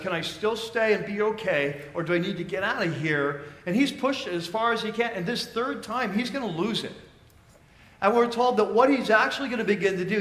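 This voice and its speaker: High-voiced casual male pastor. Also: a bit bright, echoey room. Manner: casual, storytelling preaching. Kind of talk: sermon. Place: church.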